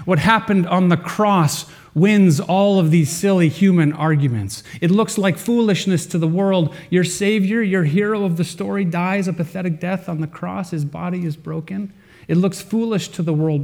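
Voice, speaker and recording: Male pastor preaching, earnest, warm low-bright timbre, rises and drops for emphasis. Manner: earnest preaching with dramatic pauses and shifts in volume. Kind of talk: sermon.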